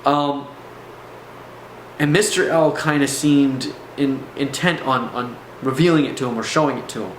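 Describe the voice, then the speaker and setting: A man's voice: medium pitch, steady tone, normal speed. A man telling a personal story in a casual, rambling way, with fillers and restarts. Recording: echoey room, faint background noise.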